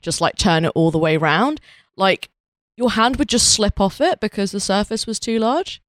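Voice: medium pitch, animated, normal speed, fairly bright tone, dry recording. Chatty co-host rambling, lots of likes, mid-range voice, dry close sound. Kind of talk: casual chat.

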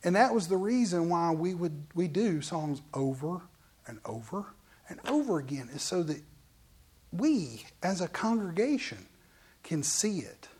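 A man pastor preaching a sermon in an animated, conversational way, full of asides to the congregation. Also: high voice, unhurried, breathy edge. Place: church.

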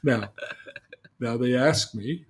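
A man telling his own stories in an earnest, casual way, at an average pitch. He stumbles and repeats words, and often checks in with a leading question. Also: takes it slowly, vocal fry. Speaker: guest telling life stories. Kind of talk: casual personal storytelling.

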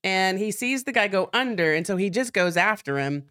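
Female podcast co-host, mid-pitch, casual storyteller who acts out quotes, dry sound. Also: animated, moderate pace, a bit bright, no echo. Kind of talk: casual chat.

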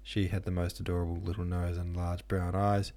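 A man reading a classic novel aloud as an audiobook narrator, measured and steady. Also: deep voice. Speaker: podcast host and audiobook reader.

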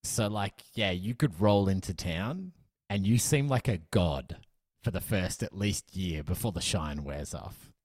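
An Australian man hosting a podcast in casual chat, teasing and quick-witted, setting up comic bits. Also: deep voice, animated, a little mellow, dry recording. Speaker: podcast host.

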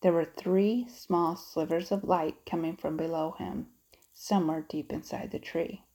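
A woman narrating a children's audiobook in a steady, expressive storytelling manner. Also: fairly low pitch, unhurried, poor audio.

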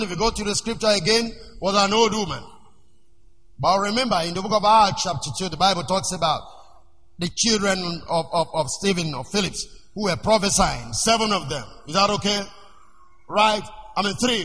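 A man preaching a sermon as pastor, emphatic and repetitive, rising into shouts. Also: sits high, moderate pace, a little hiss or hum. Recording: long church reverb.

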